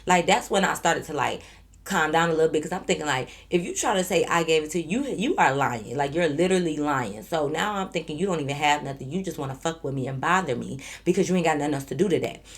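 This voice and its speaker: A woman telling a personal story in a casual, animated vlog. She speaks bluntly, swears freely and talks straight to her viewers. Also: sits low, quick pace. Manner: addresses viewers directly. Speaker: YouTube storyteller.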